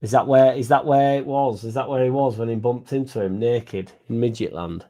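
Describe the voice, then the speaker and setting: Lively sweary man. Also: mid-range voice, moderate pace. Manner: animated, swearing, mock voices, stumbles over names. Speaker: live stream host reading comments. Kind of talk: casual live chat.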